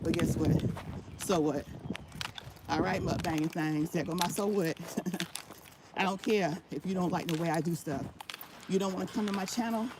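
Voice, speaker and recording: Emphatic woman vlogging over background noise. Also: fairly low pitch. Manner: emphatic, repeats her points for stress; talks while walking laps. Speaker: vlogger giving channel tips. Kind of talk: casual motivational vlog talk. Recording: noisy background.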